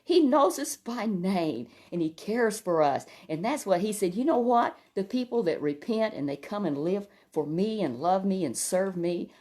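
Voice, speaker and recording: Lady telling a kid a bible story, gentle, lots of little "oh"s, middle pitch. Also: lively intonation, normal speed, hardly any pauses. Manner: gentle, exclamatory with frequent "oh".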